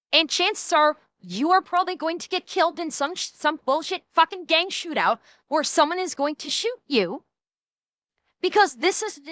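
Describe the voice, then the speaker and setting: A woman's voice: very high-pitched, sharp tone, dry recording. A woman streamer in a heated, profane live reaction rant, talking into a desk microphone. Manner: angry, profane, heated ranting.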